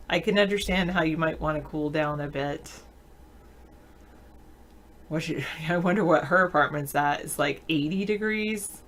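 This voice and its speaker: Chatty woman host, slightly low voice, answers viewer comments out loud with easy laughs. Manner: laughs often mid-sentence. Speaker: show host. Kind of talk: casual live video-chat talk.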